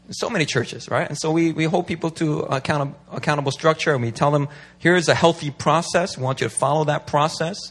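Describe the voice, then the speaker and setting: A man who is a pastor, talking casually and animatedly, acting out what people say. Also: medium pitch. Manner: animated, acts out quotes. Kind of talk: casual talk.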